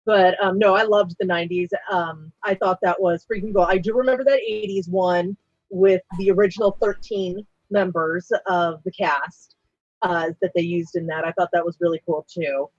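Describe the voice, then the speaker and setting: A woman's voice: fairly low pitch, steady tone, moderate pace, dry recording, dull audio. An Australian woman from Australia, a guest in a casual live-stream chat, talking in an enthusiastic, chatty way. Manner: enthusiastic, chatty fan talk.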